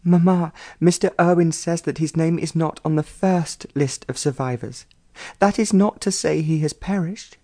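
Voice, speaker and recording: An anxious young noblewoman of good family, shaken but holding herself together, as a male narrator puts her on. The voice sits higher than his own and stays polite and careful. Its tone is mellow and dark. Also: steady tone, moderate pace. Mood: reassuring.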